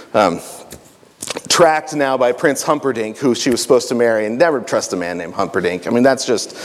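A man with a fairly high voice retells a story with animation and jokes. He is speaking to a young audience. Long reverb from a large hall trails after his words.

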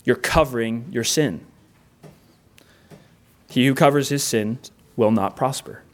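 A man's voice: mid-range voice, unhurried. A middle-aged man preaching a sermon, earnest and plainspoken, with rhetorical questions. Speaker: pastor.

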